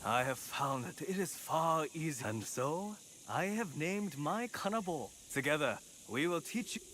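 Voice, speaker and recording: A man's voice: fairly high pitch, expressive, a little slow, background noise. An actor playing a boastful male warrior with a war club, declaiming grandly in a video game.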